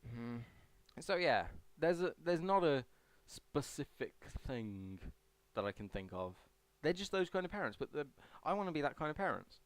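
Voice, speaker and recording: A man's voice: on the high side, sing-song, moderate pace, dry recording. A young man vlogging casually as he answers a survey, chatty and rambling with self-deprecating asides. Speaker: YouTuber.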